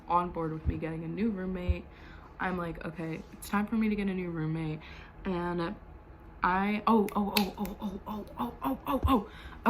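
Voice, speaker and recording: A woman's voice: fairly low pitch, a little hiss or hum, poor audio. A young adult woman telling a storytime vlog in a heated, profane way, full of "like" fillers. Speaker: vlogger.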